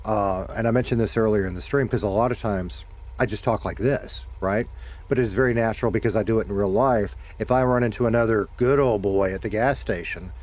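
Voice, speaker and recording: This middle-aged Southern streamer, hailing from the Deep South, has a lowish, darkish voice and speaks fairly quickly. He chats casually with viewers during play, wandering off topic, fixing his own words, and swearing occasionally.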